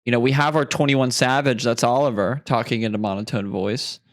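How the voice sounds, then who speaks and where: A man's voice: medium pitch, steady tone, brisk. A young man co-hosting a podcast, chatting casually and spinning silly scenarios. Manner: joking, spins silly scenarios. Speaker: podcast co-host. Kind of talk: casual chat.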